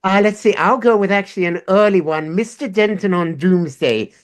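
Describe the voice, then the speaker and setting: A man with a notably high voice speaks on a convention panel. He sums things up briskly and in a matter-of-fact way.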